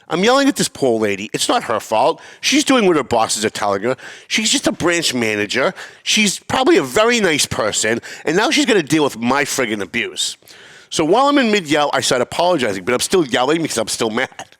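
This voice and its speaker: A middle-aged man hosting a podcast, telling a story in an animated, swearing rant that climbs toward yelling. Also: fairly high pitch, brisk. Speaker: podcast host.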